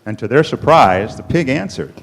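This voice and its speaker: Man, church storyteller, lively up-and-down delivery, dramatic pauses. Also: medium pitch, creaky, slight background noise. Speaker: storyteller at a congregation service. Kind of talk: children's story told at a worship service.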